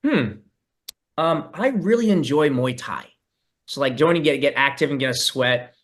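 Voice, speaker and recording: Relaxed man chatting on a video call. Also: medium pitch, moderate pace. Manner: relaxed and thoughtful, many fillers. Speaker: guest musician meeting fans. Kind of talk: casual chat.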